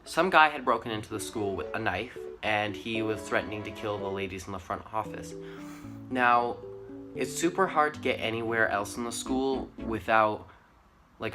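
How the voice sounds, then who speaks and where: A teenage boy telling school stories to his channel in a rambling, casual way, full of "like" and "um". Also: lowish voice. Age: teens. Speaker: vlogger. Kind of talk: casual storytelling to camera.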